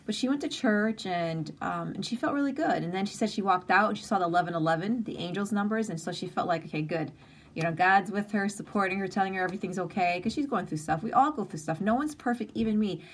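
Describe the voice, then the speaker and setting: Brief: woman in her forties, mid-pitched voice, sincere conversational live-stream host. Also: quick pace, slight background noise. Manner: earnest, open and conversational, with emphatic lists. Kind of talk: casual heartfelt live-stream talk.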